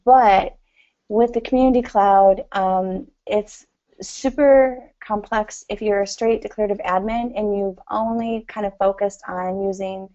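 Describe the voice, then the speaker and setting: A woman chats as an interview guest, rambling and friendly, scattering "you know" through her sentences and laughing easily. Her voice sits at an ordinary middle pitch. The audio is a bit dull and lo-fi. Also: steady tone, a little slow, mellow. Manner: chatty, rambling, many "you know" fillers, laughs often. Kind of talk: casual conversational interview.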